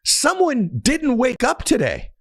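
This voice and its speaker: A man's voice: extremely high pitch, huge pitch swings, takes it slowly, vocal fry, fairly bright tone. A man giving a motivational faith talk in an emphatic, urging, preachy manner. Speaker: motivational speaker.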